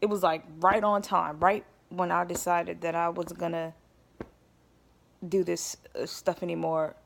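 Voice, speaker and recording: Speaking in a lowish, level, creaky voice, a woman vlogger takes her time with a rambling personal story. She keeps stopping to check on her audience, addressing them as y'all.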